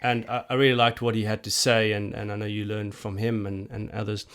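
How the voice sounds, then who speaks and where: A man's voice: fairly low pitch, level tone, a little fast, a bit bright, clear, resonant tone. Hesitant man hosting a podcast. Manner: hesitant, repeats words when starting. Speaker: podcast host. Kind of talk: podcast interview, asking questions.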